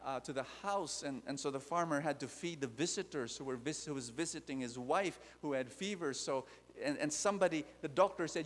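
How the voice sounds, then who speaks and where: A male preacher delivering a lively sermon, firing repeated questions straight at the crowd. His voice sits fairly high for a man. It rings out with the long reverb of a large hall. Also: normal speed. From Philippines. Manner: animated, repetitive, direct questions to the audience.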